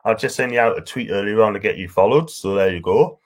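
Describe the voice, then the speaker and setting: A man with a broad North East English accent chats loosely on a live stream, warmly reading out his viewers' comments. His voice sits a little low, and his talk drifts from one point to the next in a friendly, rambling flow. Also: fast talker. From North East England. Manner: rambling, chatty, affectionate with viewers. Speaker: livestream host.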